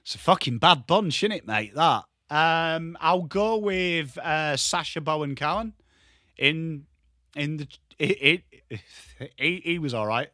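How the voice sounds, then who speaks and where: An English man hosting a live football watchalong, chatting with his viewers and swearing casually while he calls the play and shouts at big moments. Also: a little high, animated, slow pace, no room sound, clean studio sound. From England. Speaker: livestream host.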